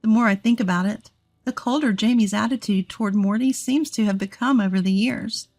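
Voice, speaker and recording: A woman in her thirties telling a first-person story in a steady, earnest scripted narration. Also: mid-range voice, brisk, dry recording. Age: 30s.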